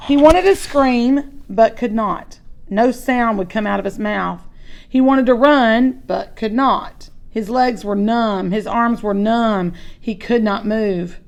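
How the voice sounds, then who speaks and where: A woman reads a children's chapter book aloud at an unhurried pace, her voice somewhat high with a gravelly edge. She breaks off now and then for chatty comments. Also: darkish tone. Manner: chatty asides between story passages.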